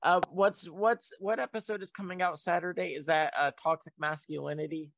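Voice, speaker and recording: An American man co-hosting a podcast in casual chat, laughing often and trailing off low at the ends of his sentences. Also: fairly even intonation, brisk, gravelly, fairly bright tone, no room sound, studio quality. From United States. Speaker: podcast co-host.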